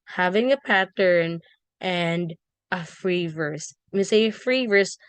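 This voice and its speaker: A woman teaching a lesson on poetry, explaining slowly with fillers and self-corrections. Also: on the low side, clean tone, dry recording. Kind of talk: classroom lecture on poetry.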